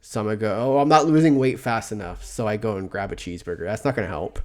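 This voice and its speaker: A man with a somewhat low voice talks through a casual podcast chat. He rambles, restarts his words and stammers, and often pokes fun at himself. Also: quick pace, a little mellow. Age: adult, older than before. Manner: rambling, stammering, self-mocking. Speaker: podcast co-host.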